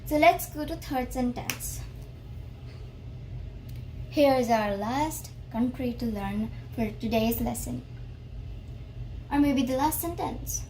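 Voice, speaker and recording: A woman teaching a beginner French lesson, explaining slowly and repeating each phrase carefully. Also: on the high side, darkish tone, slight background noise, poor audio.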